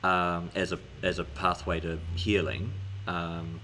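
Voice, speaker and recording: A man with a very low, deep voice talks through faith and emotion in a relaxed, earnest way. He agrees often and restarts his phrases as he thinks. A faint hiss of noise sits under the recording. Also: takes it slowly. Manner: earnest, agreeable, many fillers. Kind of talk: casual faith discussion.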